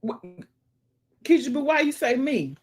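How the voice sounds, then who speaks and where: A woman with a high, sing-song voice hosts a casual livestream at a measured pace, recorded on a phone mic. She reads viewer comments aloud with folksy exclamations, sometimes dropping to murmurs and whispers.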